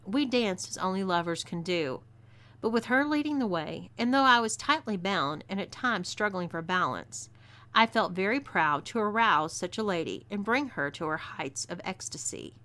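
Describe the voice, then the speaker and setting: Woman narrator, texan twang, bright clear voice, scripted story reading. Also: mid-range voice, lively intonation, normal speed. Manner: drawling, storytelling delivery.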